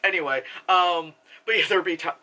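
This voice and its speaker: A woman's voice: on the low side, brisk, sharp tone. A young woman reviewing a movie in a loose, rambling way, full of "like", casual swearing and frequent laughter.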